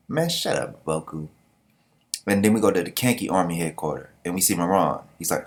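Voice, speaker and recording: Male reviewer doing laid-back reaction talk; lively, animated and jokey. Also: low-pitched, brisk. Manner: animated, joking, slangy. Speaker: manga reviewer. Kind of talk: casual reaction commentary.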